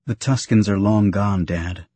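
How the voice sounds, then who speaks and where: A young farmer speaks quietly and gently, trying to soothe, as a man reads him. The voice is low and husky, and the sound is dry and close. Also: unhurried, no room sound. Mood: calming. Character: calm young male farmer son.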